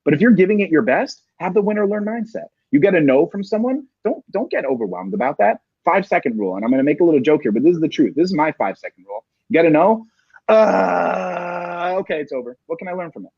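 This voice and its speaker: A man's voice: fairly high pitch, big pitch swings, racing, hardly any pauses, breathy edge, dry recording. Emphatic man coaching on sales. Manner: emphatic, rhetorical "right?" tags. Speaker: sales coach, interview guest. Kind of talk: motivational interview talk. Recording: dry, muffled lo-fi sound.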